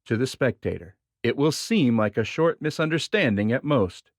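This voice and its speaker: A man reads nonfiction aloud with a measured, expressive delivery. His intonation moves freely up and down over a middle-pitched voice. The recording is dry and close, with no room sound. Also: dry recording. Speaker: reader of a magic theory book.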